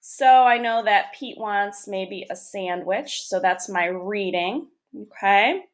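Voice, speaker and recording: A woman reads a picture book aloud to young children, explaining step by step in a gentle, encouraging way. Her pitch is medium and her pace slow, recorded on a camera or phone sitting on a desk.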